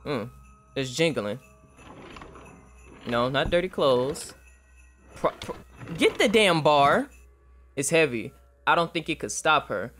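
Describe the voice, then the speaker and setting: A man's voice: a little high, animated, slow, pauses often, fairly bright tone, slight background noise. A young man giving casual, profane, jokey gameplay commentary. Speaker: gaming streamer.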